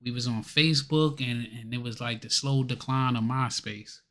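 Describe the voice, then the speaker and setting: A male co-host in loose, casual conversation. He talks in a laid-back, slangy way and wanders from point to point, with a voice of middling pitch. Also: steady tone, normal speed, a bit bright. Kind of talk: casual chat.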